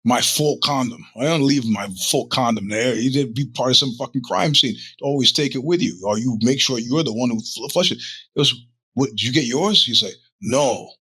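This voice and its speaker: A man's voice: mid-range voice, brisk, a bit bright, breathy edge, no room sound. A middle-aged man hosting a podcast, telling a rambling, profane story in a casual monologue with many restarts. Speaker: podcast host.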